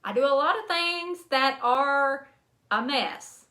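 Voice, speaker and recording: A woman hosts a casual craft livestream in a high, bright, forceful voice, animated yet unhurried. She's chatty and self-deprecating, often laughing at her own mistakes, and the room is echoey with faint noise.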